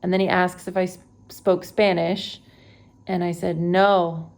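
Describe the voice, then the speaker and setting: Gravelly-voiced young woman from Texas recounting. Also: fairly low pitch, little pitch movement, measured pace. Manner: conversational, with many fillers and self-corrections. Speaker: travel vlogger. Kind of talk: unedited personal retelling. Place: at home.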